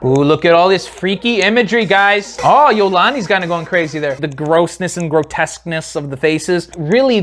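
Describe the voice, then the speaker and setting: A man giving a casual, animated commentary on a music video, talking straight to his viewers and swearing now and then. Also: high voice.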